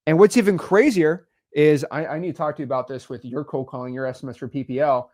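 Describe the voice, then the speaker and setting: A young man hosting a casual podcast chat, energetic and emphatic, full of slang. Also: a little high, fast. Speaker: podcast host, real estate investor.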